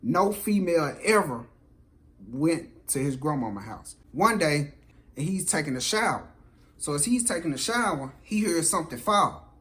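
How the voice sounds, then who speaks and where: A man's voice: on the high side, normal speed. A man with a Southern American accent telling a true street story, acting out the voices. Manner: animated, acts out every voice. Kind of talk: casual storytelling.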